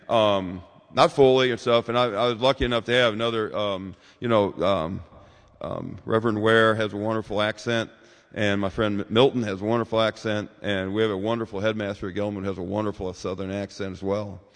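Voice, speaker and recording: A man's voice: lowish voice, long reverb tail. A man in his sixties giving a rambling, informal talk as a guest speaker in a church, with many fillers and asides.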